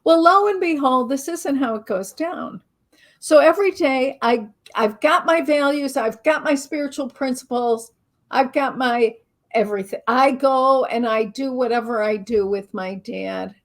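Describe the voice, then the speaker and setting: A middle-aged woman, a spiritual teacher and author, telling a lively, self-mocking story as an interview guest and acting out her own thoughts. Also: high-pitched, a little slow.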